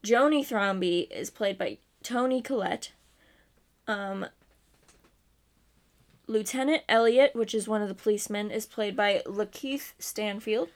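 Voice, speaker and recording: A young woman co-hosting a casual podcast, chatty and giggly, often stumbling over names. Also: medium pitch. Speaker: podcast co-host. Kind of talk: casual chat.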